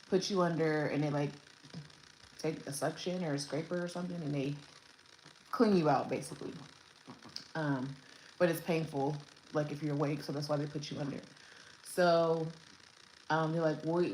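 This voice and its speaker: A woman's voice: deep voice, a little mellow. A young woman, a new mother, chatting casually through her birth story, rambling with lots of fillers and restarts, at home with her baby. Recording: echoey room, faint background noise.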